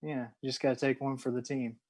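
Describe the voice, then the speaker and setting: A man's voice: mid-range voice, little pitch movement, fast, darkish tone. A man co-hosting a podcast in laid-back, rambling chat, his voice congested and nasal from a sinus infection. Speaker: podcast co-host. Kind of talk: casual podcast banter.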